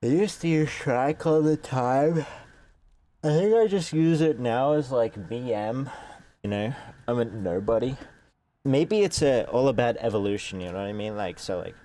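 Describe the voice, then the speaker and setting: A man's voice: medium pitch, animated, normal speed, dark tone. A young man with a congested nose, rambling sarcastically in casual gaming commentary. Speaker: streamer.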